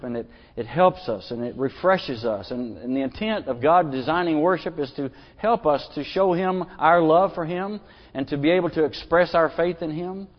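Folksy preacher in a reverberant church. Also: male voice, a little high. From Arkansas. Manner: earnest, folksy, with repeated restarts. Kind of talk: sermon. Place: church sanctuary. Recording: dull lo-fi sound, long church reverb.

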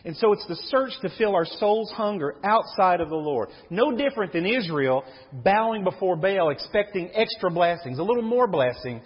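A man's voice: high-pitched, animated, moderate pace, husky. A man preaching a sermon as a pastor, reading scripture aloud and explaining it to the congregation. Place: church sanctuary. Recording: dull recording in a reverberant hall.

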